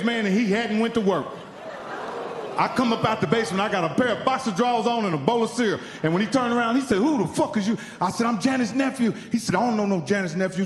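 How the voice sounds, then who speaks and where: A middle-aged man from Indiana telling profane stand-up stories with animated, acted-out quotes on a comedy club stage. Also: high voice. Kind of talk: stand-up storytelling. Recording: live club sound with hall reverb.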